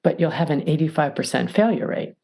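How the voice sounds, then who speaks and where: A woman's voice: low voice, expressive, brisk, gravelly, mellow, slightly rough. A middle-aged woman, a mediator and podcast guest, giving emphatic advice and acting out little scenes as she explains. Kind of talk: animated advice talk.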